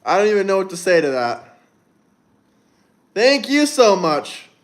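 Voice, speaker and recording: A man's voice: high-pitched, sing-song, measured pace. A young man hosting a casual livestream, reading viewer comments and answering them bluntly, with plenty of swearing and rambling. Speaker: livestream host.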